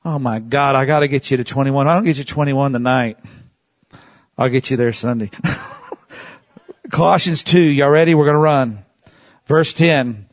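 A pastor preaches a sermon, swinging between hushed asides and shouts and calling on the congregation to repeat phrases. His medium-pitched voice is unhurried with frequent pauses, in a dry recording.

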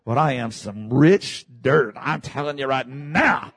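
A man preaching a sermon, dropping to low murmurs and rising to shouted peaks, leading the congregation in call and response. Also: expressive, a little slow, few pauses, slightly rough, dry recording. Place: church.

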